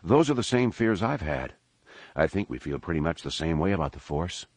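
A man voicing a calm, wise master who speaks sincerely and gently warns his young nephew. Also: sits low, brisk, dry recording. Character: calm, wise middle-aged male master and uncle.

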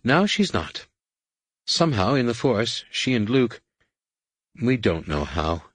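A male narrator voicing a brisk, reassuring motherly woman who speaks emphatically in a raised pitch. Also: big pitch swings, no echo.

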